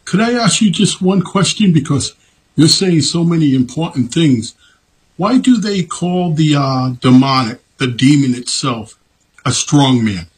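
Very raspy-voiced male interviewer. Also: a little high, animated, unhurried, rough recording. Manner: polite, asks questions.

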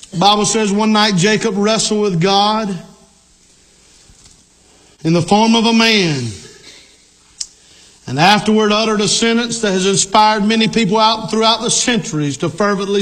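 A middle-aged male pastor preaching a sermon, emphatic, repeating key lines and rising to shouts. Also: high voice.

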